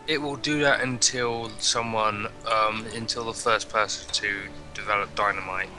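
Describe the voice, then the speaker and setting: A man's voice: fairly low pitch, fairly even intonation, normal speed, music in the background. A man chatting with friends over voice chat during a strategy game, explaining the rules in a knowing, teasing way. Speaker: gamer playing in a group.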